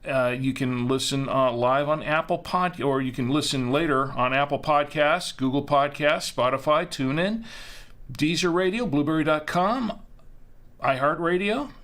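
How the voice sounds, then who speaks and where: A man's voice: on the high side, normal speed, a bit bright. A man hosting a live-streamed show, chatting casually in a rambling way and correcting himself as he goes. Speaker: host.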